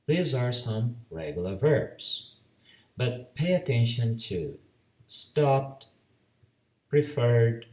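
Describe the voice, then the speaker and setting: A Brazilian man teaching a grammar lesson, with a Brazilian accent, speaking slowly and deliberately, spelling out letters and repeating each rule. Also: mid-range voice, darkish tone, roomy sound, distant mic. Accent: Brazilian Portuguese. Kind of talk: slow bilingual grammar lesson.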